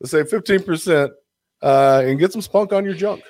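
A man's voice: a little high, normal speed, darkish tone, no room sound. A young man co-hosting a podcast, joking playfully and reading ads loosely. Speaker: podcast co-host. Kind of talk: casual chat with ad reads.

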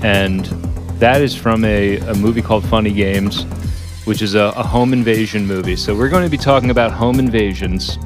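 A man co-hosting a casual podcast, introducing the show in an unhurried, announcing manner. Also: fairly low pitch, steady tone, music in the background. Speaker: podcast co-host. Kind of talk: casual chat.

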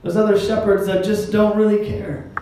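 High-voiced man preaching in an echoey hall. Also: level tone, moderate pace, dark tone, slight background noise. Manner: conversational preaching with asides and self-deprecating humor. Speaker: pastor. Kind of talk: sermon. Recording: echoey hall, mic at a distance.

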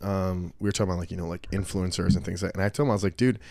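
Brief: middle-aged man, lowish voice, animated profane storyteller, dry mic. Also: very fast, creaky, no echo. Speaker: podcast host, martial arts school owner. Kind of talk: casual chat, storytelling.

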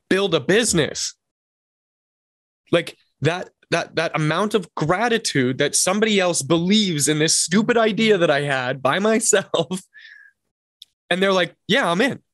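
A man's voice: a little high, a bit bright, no room sound. Man, podcast co-host, earnest, reflective, dry close mic. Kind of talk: casual podcast chat.

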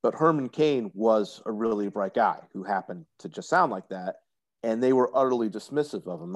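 Low-voiced man, chatty podcast guest. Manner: talkative, explanatory, opinionated. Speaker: guest commentator. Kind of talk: casual podcast chat.

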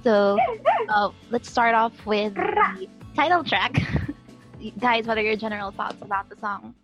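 A woman's voice: on the high side, animated, measured pace, a bit bright, faint music behind. A woman hosting a casual fan podcast, matter-of-fact as she introduces topics and leads the discussion. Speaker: podcast host. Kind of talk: casual fan chat, moderating.

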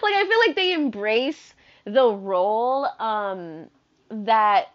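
Young woman, twenties, high-ish voice, chatty storytime monologue full of slang and swearing, muffled lo-fi recording. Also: slow. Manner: animated, swearing, slangy, self-interrupting. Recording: dull lo-fi sound.

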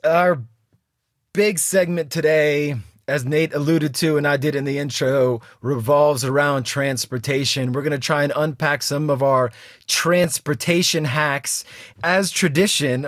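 A young man co-hosting a podcast, telling a travel story in a casual, animated way and laughing often. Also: on the high side, dry recording, clean studio sound. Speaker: podcast co-host.

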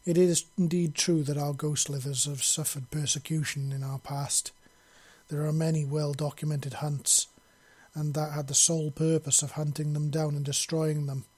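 A man's voice: fairly high pitch, flat delivery, moderate pace, a little mellow, husky. A man reading an audiobook, voicing a deferential serpent-folk courtier who explains things formally.

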